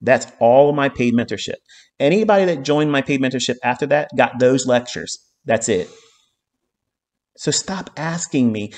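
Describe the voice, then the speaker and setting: A man's voice: medium pitch, lively intonation, moderate pace, a little mellow. A man teaching trading on a live stream, swearing often and hammering his points home with repeated phrases and "okay?". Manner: heated, profanity-laden ranting with repeated phrases.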